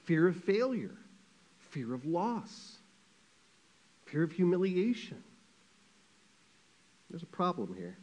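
A man preaching a sermon as a pastor, telling a story in a lively, conversational way with quick asides. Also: high-pitched.

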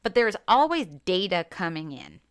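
A woman's voice: medium pitch, very animated, normal speed, clear, resonant tone. A woman hosting a solo podcast as a coach, talking candidly and animatedly, swearing casually.

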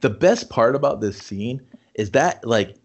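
This husky, mid-range male voice moves at a measured pace. He's co-hosting a podcast chat about a movie, swearing constantly and animatedly acting out lines from its scenes.

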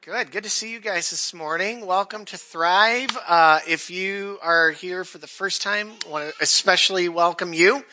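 A man's voice: high voice, moderate pace, few pauses. A man in his forties giving a casual, story-filled sermon as pastor, conversational and self-deprecating. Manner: conversational, self-deprecating, animated when quoting others.

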